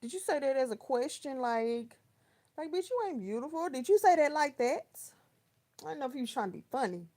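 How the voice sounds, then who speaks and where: Brief: woman, around thirty, from Texas, livestream host, slangy storyteller, slightly high voice. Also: expressive, a little fast, mellow. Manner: chatty storytelling with slang, talking to viewers by name. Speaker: live chat host. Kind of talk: casual livestream chat, reading viewer comments.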